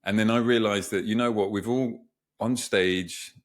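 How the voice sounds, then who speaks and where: A man's voice: on the low side, fairly even intonation, moderate pace. A man, a communication coach, answering interview questions in a reflective, storytelling way with lots of examples.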